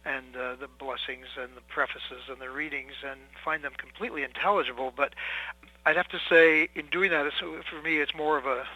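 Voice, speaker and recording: Older male priest in his 70s, very bright, dry close sound, pauses often to pick his words. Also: fairly high pitch, fairly even intonation, no room sound, rough recording. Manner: measured and thoughtful, with frequent hesitations and fillers. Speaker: priest, interview guest. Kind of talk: reflective interview answers.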